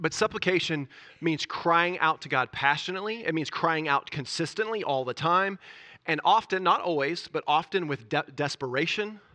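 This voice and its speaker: A man preaching a conversational sermon, swinging between loud urgency and quiet intensity. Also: on the high side. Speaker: pastor.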